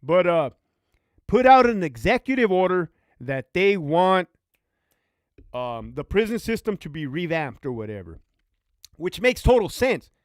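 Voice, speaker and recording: A man's voice: sits high, big pitch swings, unhurried, pauses often, dry recording, studio quality. A man hosting a casual livestream, talking profanely and reading out viewer comments. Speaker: livestream host, former prison officer.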